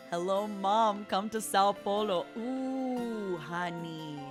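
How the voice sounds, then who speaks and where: A woman's voice: medium pitch, takes it slowly, few pauses, music in the background. A woman streamer chatting casually with her audience in a playful motherly persona, calling viewers honey and darling. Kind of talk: casual live-stream chat.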